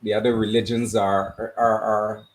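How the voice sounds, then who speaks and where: Hesitant man, halting speech. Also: on the low side, flat delivery, poor audio. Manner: hesitant, repeats words, thoughtful. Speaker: guest on a discussion stream. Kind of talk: casual chat.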